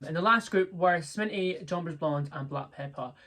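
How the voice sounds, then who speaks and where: A young man hosting a casual review chat, bubbly, quick to laugh and full of fillers. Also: on the high side, bright, forceful tone. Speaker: host.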